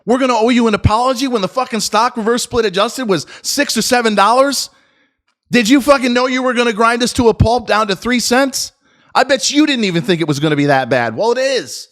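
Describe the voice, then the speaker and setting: A middle-aged man with a fairly high voice rants about stocks to his viewers. He talks in a profane, combative way, punching some lines loudly and dropping others to a low mutter. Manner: profane, combative, swings between loud jabs and low muttered asides. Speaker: stock market commentator. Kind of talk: ranting market commentary video.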